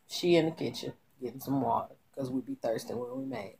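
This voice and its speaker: A woman giving an animated, slangy recap of a TV show, talking straight to her viewers. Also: extremely low pitch, normal speed, creaky, hardly any pauses, a little hiss or hum. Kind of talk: casual TV recap commentary.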